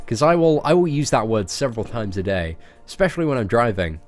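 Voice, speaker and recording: Playful British man, lively voice. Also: medium pitch, a little fast, soft background music. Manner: playful, joking, laughs often. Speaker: game streamer. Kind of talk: casual live-stream chat reading out viewer comments.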